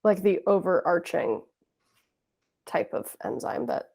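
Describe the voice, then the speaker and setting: Gravelly hesitant female student. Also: on the low side, expressive, takes it slowly, darkish tone. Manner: hesitant, searches for words. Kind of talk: asking questions in a tutoring session.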